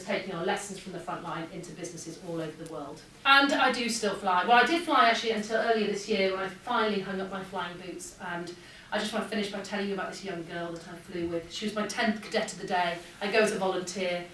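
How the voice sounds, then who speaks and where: A woman, a former air force pilot, giving a lively motivational keynote and acting out the dialogue in her stories. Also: mid-range voice, fast. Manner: lively anecdotal, acts out dialogue. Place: large hall with an audience. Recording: echoey hall, distant mic, faint hum.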